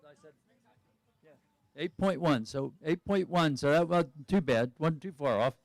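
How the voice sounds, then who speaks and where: A man's voice: on the high side, a little slow, dry recording. A man giving live sports commentary who chats and thinks aloud about each skier's options.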